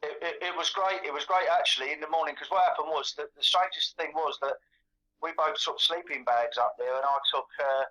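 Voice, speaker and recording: Middle-aged man, quick rambling guest, bright tone, eager. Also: on the high side, muffled recording. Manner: rambling and enthusiastic, many fillers. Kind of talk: casual chat.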